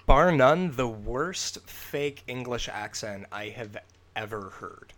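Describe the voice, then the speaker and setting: A man chatting casually on a podcast, swearing freely and mocking the topic in an animated way. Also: mid-range voice, slow. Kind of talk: casual chat.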